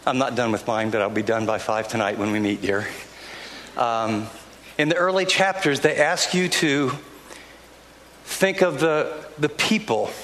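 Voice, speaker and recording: In a church sanctuary, an older pastor preaches a sermon in an earnest, conversational way, frequently restarting his sentences. His mid-range voice is fairly bright, with slight background noise, faint ambience, and a long hall reverb.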